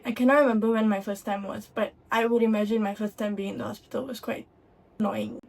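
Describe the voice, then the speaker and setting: A young woman with a Malaysian English accent, talking to camera in a chatty, expressive vlog. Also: mid-range voice, fast talker, creaky. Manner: chatty and expressive, swings between mumbled and excited. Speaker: vlogger. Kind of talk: casual vlog talk to camera.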